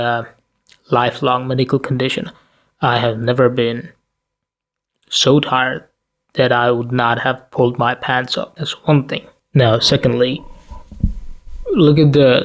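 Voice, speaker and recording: A tired, sleepy man with a mid-range voice and vocal fry rants to camera as a commentary vlogger. His delivery is profane and blunt, packed with rhetorical questions.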